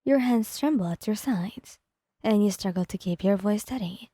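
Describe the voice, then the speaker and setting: A woman narrating a second-person ASMR story in a calm, even storytelling manner. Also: medium pitch, moderate pace, breathy edge, no room sound, clean studio sound.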